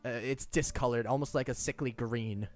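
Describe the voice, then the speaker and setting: A man's voice: medium pitch, soft background music. Young man running a tabletop game. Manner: lively, quick narration with stumbles. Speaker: game master.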